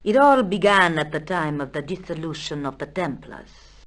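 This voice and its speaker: An actress voicing a proud, dramatic aging countess with a Spanish accent in a video game, talking in a stately, theatrical way. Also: female voice, deep voice, lively intonation. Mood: grave. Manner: stately, slow and theatrical, bursts into shouts.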